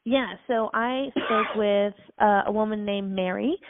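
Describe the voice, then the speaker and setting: A woman's voice: medium pitch, a little slow, background noise. A woman talking casually as an accountability partner, giggly and a bit scattered, with fillers. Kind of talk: casual chat. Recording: tinny dry phone line.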